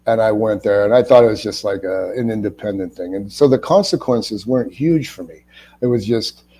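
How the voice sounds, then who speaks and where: A middle-aged actor guesting on an interview, telling stories casually and animatedly, acting out the people in them and stumbling over restarts when he gets excited. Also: lowish voice, fairly quick, husky. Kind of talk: casual anecdotal storytelling.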